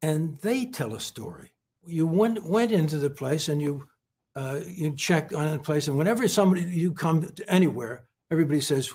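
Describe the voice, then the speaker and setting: Husky-voiced man speaking haltingly. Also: fairly high pitch, expressive, a little mellow. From California. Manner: halting, repeats words, many fillers. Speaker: interview guest. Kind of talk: heartfelt conversational praise.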